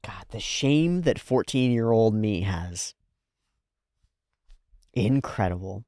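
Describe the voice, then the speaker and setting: A man hosting a reaction video, talking casually and animatedly, swearing freely and swinging between loud outbursts and hushed asides. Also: on the low side, expressive, takes it slowly, dry recording, studio quality.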